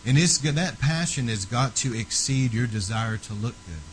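A man preaching with fervor in a sermon, his voice sitting at an ordinary middle pitch. He climbs to loud, pressing peaks and then sinks back to low, quiet lines. A faint hum sits under the recording. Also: lively intonation, normal speed, low-quality recording. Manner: fervent, rising to loud emphatic peaks then dropping low.

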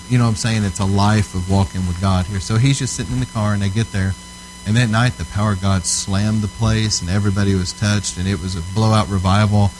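A man's voice: fairly low pitch, a little fast, slight background noise, poor audio. A man preaching to a congregation in a casual, storytelling way, earnest and emphatic, often checking in with the listeners. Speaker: preacher teaching on altar ministry. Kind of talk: conversational sermon teaching.

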